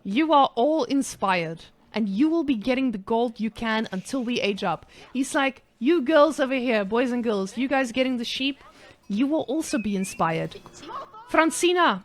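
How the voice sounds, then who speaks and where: A woman's voice: on the high side, lively intonation, normal speed, close to an everyday voice. A woman putting on a South African guy's accent while playfully casting a live strategy game, with jokey, mock-hyped cheering. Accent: put-on South African. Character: brash South African guy game caster. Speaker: esports caster.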